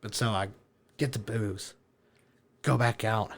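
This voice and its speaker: A man, a podcast guest, telling a story in a casual chat, animated, swearing and laughing as he goes. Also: on the low side, takes it slowly, noisy background. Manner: animated, profane, laughing through his story.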